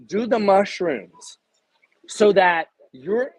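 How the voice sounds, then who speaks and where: A man in his fifties, a guest in a casual interview, talking in an emphatic, salesy pitching way. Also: lively intonation, slow pace, no echo, rough recording. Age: 50s.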